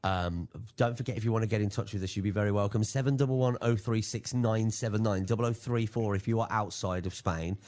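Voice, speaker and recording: A man's voice: on the low side, fast talker, few pauses, a little mellow. A man hosting a radio show, teasing his co-host and laughing readily in casual banter.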